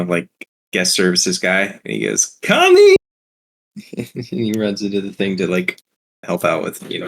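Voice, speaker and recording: Gravelly, very deep-voiced male guest. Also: a bit bright. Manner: laid-back, rambling storyteller. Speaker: podcast guest. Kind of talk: casual chat.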